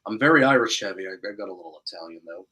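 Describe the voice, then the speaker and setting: A man's voice: deep voice, animated, racing, bright, forceful tone, rough recording. A man from Boston, a musician being interviewed on a podcast, easygoing and agreeable, mostly giving short replies. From Boston, New England. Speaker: musician guest. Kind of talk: casual chat interview.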